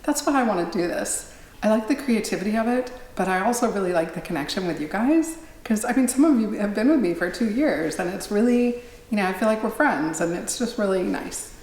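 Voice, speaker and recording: A woman's voice: medium pitch, animated, fairly quick, a little mellow. A middle-aged woman vlogging in a casual, rambling, self-deprecating chat to her viewers. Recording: roomy echo, faint ambience.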